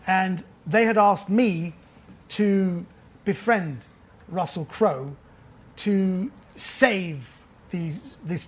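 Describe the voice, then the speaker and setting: A man with a London accent telling a comic anecdote on stage at a festival, animated, with stammered restarts. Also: a little high. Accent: London English. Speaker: author and comedian guest. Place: festival venue before a laughing audience.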